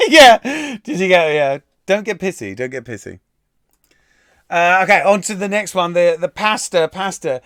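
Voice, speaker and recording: A man's voice: high-pitched, lively intonation, normal speed, fairly bright tone, clean tone, no echo, clean studio sound. A young man hosting a quiz live stream from home into a desk microphone, reading out the answers in a chatty, irreverent way with casual swearing, many fillers and restarts. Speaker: quiz host. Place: at home, room near a kitchen.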